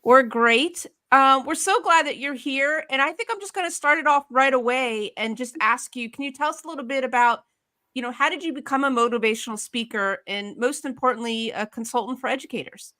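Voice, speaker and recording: A woman with a bright voice, a little higher than usual, hosts a live video podcast. She talks in an upbeat, chatty way and reacts warmly to her guest. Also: fairly quick. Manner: upbeat, chatty, with a warm show intro. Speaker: podcast host.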